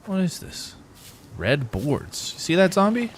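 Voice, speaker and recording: His voice is high, with huge pitch swings and a slightly slow delivery, and there's a little hiss or hum on the audio. He's a young man live-streaming a survival game, rambling casually and talking to chat while he plays.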